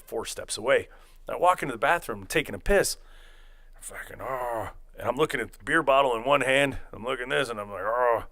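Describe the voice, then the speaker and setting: A young man casually telling a long, profane story on a podcast, acting out quotes as he rambles. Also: mid-range voice. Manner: rambling, profane, animated retelling with acted-out quotes.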